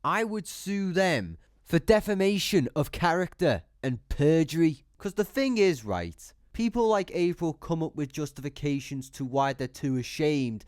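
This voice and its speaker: A man's voice: fairly high pitch, animated, measured pace, darkish tone, dry recording, studio quality. A man giving blunt, sarcastic commentary, swearing freely as he talks. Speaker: YouTube commentator. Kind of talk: opinionated commentary.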